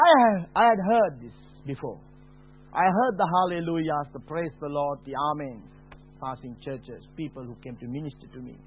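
A man preaching a personal testimony, dropping to a hush and then rising to a shout. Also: fairly high pitch, slight background noise. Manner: slow, dramatic, swings from hushed to shouting. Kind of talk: testimony sermon. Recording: tinny phone-like sound.

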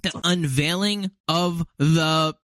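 A podcast host who is also a league commissioner rambles through a casual chat, full of fillers and frequent laughs. His voice is a little high, slow, and fairly bright, with no echo.

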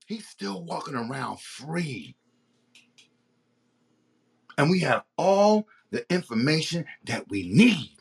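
Heated, lively-voiced man ranting. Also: a little high, slow pace, gravelly, pauses often, husky. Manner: heated, profane, rhetorical questions. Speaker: podcast host. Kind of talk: ranting monologue.

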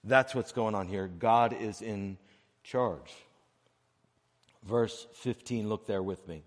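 A man preaching a sermon as pastor of a church, earnest and measured, breaking his phrases with pauses and swinging between soft and loud. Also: lowish voice, big-room sound. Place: church sanctuary.

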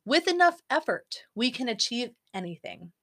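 A woman's voice: fairly high pitch, sing-song, moderate pace, a bit bright. A young adult woman co-hosting a casual talk show, reading out lessons and reflecting in an earnest, storytelling way. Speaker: podcast co-host.

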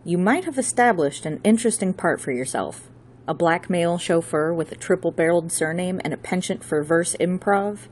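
A woman voicing a smooth-talking male theatrical agent on the phone, brisk, dry and wry. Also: fairly low pitch, animated, darkish tone, slight background noise, natural voice.

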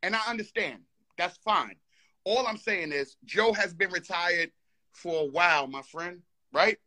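A man's voice: sits high, unhurried, pushed and bright. A man arguing heatedly on a live call, insistent and repeating himself as he talks over the others. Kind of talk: heated argument.

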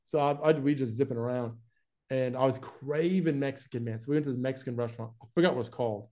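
Laid-back young guy, american accent with some aussie in it, mellow tone, casual interview chat. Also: mid-range voice, quick pace. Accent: mixed American and Australian. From United States, Florida. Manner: relaxed, chatty, says "man" and "like" a lot. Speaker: guest, YouTube advertising specialist.

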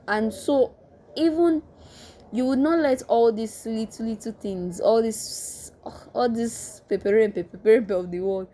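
Young nigerian woman chatting away, soft warm tone, keeps laughing mid sentence. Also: a little high, a little slow, slight background noise. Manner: animated, laughs often, frequent restarts. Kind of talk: casual storytelling.

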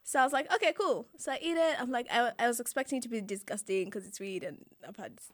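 Young woman, high voice, animated storyteller who laughs a lot and mimics others. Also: fast, no echo, clean studio sound. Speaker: guest telling a story. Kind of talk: casual chat.

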